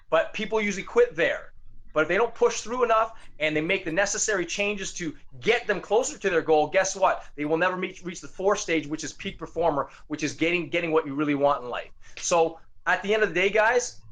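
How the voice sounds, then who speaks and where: Male motivational speaker, high and bright tone, energetic, rambling restarts. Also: a little fast. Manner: energetic, repeats words and restarts, addresses listeners as guys. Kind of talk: motivational talk.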